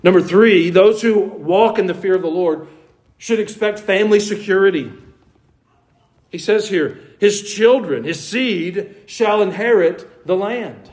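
In a church sanctuary, a pastor delivers a conversational sermon, questioning his congregation and slipping into mock voices with wry asides. His voice is high, a little mellow, and unhurried, and the recording quality is low.

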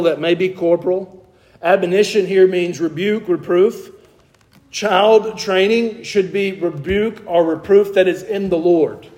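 A man's voice: high-pitched, a little mellow. A middle-aged man preaching a sermon as pastor, talking conversationally, with self-deprecating humor and emphatic exhortations.

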